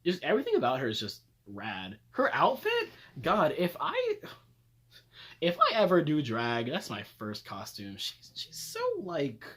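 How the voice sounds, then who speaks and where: A man's voice: measured pace, husky. A young man ranting comedically about favorite characters, swearing, laughing and talking dramatically. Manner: animated, swearing, laughing, dramatic jumps up in pitch. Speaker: video creator reviewing characters. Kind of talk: comedic casual rant.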